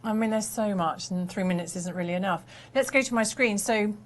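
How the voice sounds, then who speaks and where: A woman's voice: mid-range voice, a little fast. A woman working as an art specialist on a live auction stream, telling an artist's stories with enthusiasm.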